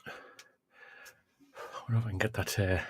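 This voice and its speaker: A man's voice: lowish voice, little pitch movement, normal speed, breathy edge. A man hosting a casual livestream, chatting between coughs, sighs and exclamations as he eats hot chilli. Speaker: livestream host.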